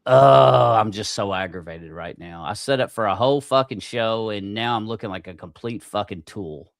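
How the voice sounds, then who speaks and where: A man's voice: fairly low pitch, moderate pace, vocal fry, dry recording, clean studio sound. A man hosting a casual livestream podcast, swearing freely, getting aggravated and laughing at himself. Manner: profane, easily aggravated, self-mocking. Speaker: podcast host.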